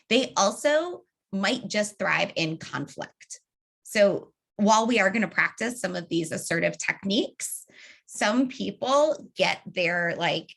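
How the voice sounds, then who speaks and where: A woman's voice: lowish voice, creaky, fairly bright tone. Casual woman leading an online training. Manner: casual, conversational, acts out example dialogues. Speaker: organizing trainer.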